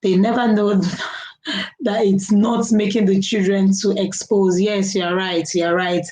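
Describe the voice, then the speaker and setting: Woman, middle-aged, casual live-stream chat, laughs a lot, mid-pitched voice. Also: little pitch movement, slow pace, a little mellow, poor audio. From Nigeria. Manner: chatty, laughs often, talks to viewers. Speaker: live-stream host reading viewer comments.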